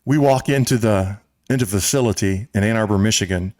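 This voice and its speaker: American guy on a podcast telling a story, lowish voice, dry sound. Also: fairly quick, no echo. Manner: animated storyteller, voices quoted people. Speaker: show host and club president. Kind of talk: storytelling in casual podcast chat.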